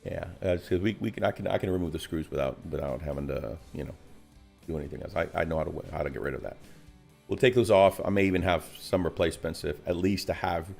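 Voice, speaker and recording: A man's voice: low voice, quick pace, vocal fry, a little mellow, faint music behind. A man co-hosting a casual hobby podcast, joking and rambling, often trailing off into a mutter. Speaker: co-host.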